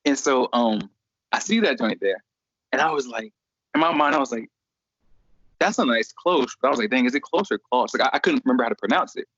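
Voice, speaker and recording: Young man, casual storyteller, animated, dry dull recording. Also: medium pitch, a little fast, no echo. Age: young adult. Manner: animated, acts out voices in quotes.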